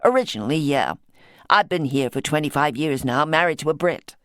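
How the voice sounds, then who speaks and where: A wry, easygoing American woman of about fifty who deals in antiques, as read by a woman narrator. The voice sits low and unhurried in a dry, close audiobook recording. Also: expressive, a bit bright, no room sound.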